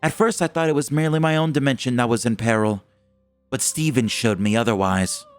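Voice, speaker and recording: A man voicing a calm, serious woman sorceress. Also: medium pitch, brisk, no echo, soft background music, natural voice. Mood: solemn.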